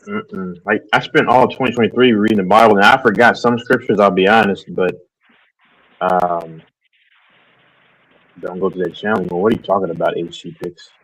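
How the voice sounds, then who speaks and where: Casting: low-pitched man, loose rambling stream banter, jokes with chat. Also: fairly even intonation, a little fast, fairly bright tone, breathy edge, rough recording. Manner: rambling, joking, reads and answers chat. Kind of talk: casual live stream chat.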